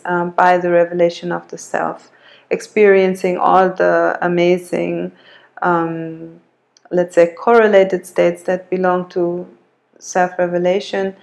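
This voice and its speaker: Woman teaching yoga, slow, very flat low voice, lots of ums. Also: creaky. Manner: thoughtful, hesitant with fillers. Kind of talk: spiritual lecture.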